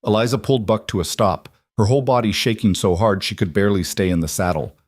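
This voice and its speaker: A man giving scripted storybook narration of a western tale, dramatic and measured, in a dry, close recording. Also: fairly low pitch, darkish tone, no room sound.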